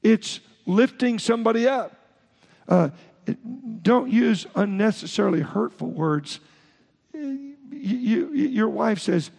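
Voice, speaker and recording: A male pastor preaches in a high, gravelly, husky voice, driving home each point in short emphatic bursts and stumbling into quick restarts. His words ring out with a long reverb, as if filling a church sanctuary. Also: expressive, a little mellow. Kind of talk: sermon.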